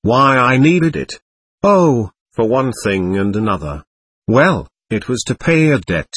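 A man's voice: mid-range voice, sing-song, unhurried, a bit bright, breathy edge, no echo, heavily acted. Man voicing Mitya, a voluble, defiant nobleman. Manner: voluble, defiant, laughing nervously. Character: excitable proud nobleman under police questioning.

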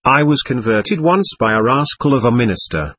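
Man voicing a stubborn angry male spirit, husky, spiky up-and-down delivery, read from a séance transcript. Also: medium pitch, big pitch swings, moderate pace, fairly bright tone. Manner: defiant, threatening, scornful. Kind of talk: reading a séance transcript aloud.

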